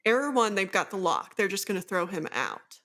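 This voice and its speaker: A woman's voice: medium pitch, a little fast. Chatty woman recapping a fantasy novel. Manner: animated plot recap, many "like" fillers. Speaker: book podcast co-host. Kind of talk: casual book discussion.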